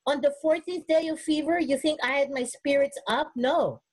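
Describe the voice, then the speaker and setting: A woman's voice: sits high, moderate pace, darkish tone, low-quality recording. A woman who is a nurse, speaking earnestly at a webinar and showing self-care techniques, often restarting her sentences. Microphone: webinar recording.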